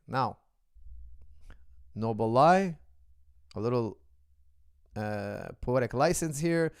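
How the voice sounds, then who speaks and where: A man's voice: mid-range voice, lively intonation, takes it slowly, pauses often, darkish tone, clean tone, no room sound, clean studio sound. A middle-aged man, a martial arts coach, answering viewer questions in an earnest, philosophical casual monologue. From the West.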